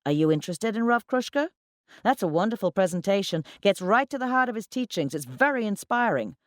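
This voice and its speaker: A man's voice: high voice, sing-song, brisk, dry recording, clean studio sound, voice pushed up. A man voicing an earnest young male recruiter handing out flyers, with persuasive sales patter. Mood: enthusiastic.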